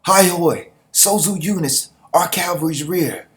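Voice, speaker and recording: A man's voice: fairly high pitch, a little slow, a bit bright, pitched above the performer's own voice. A man reading as a bold young commander. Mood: commanding. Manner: commanding, declarative.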